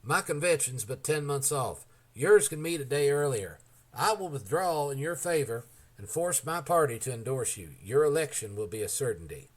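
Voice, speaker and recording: Guy reading a worn out serious old president, earnest, slow and careful, audiobook. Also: medium pitch, big pitch swings. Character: weary, grave aging male president.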